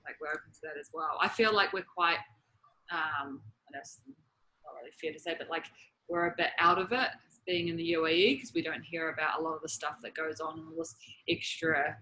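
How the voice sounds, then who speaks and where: A woman who is a guest on a podcast, telling stories in a chatty, animated way. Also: low voice, fairly quick, rough recording. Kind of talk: casual interview chat.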